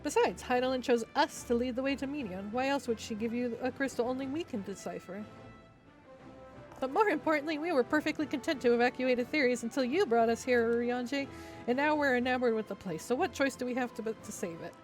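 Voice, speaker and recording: A woman's voice: high voice, a little fast, natural voice. A woman voicing an eager, slightly cheeky rabbit-like moon creature while reading game dialogue aloud, with faint music behind.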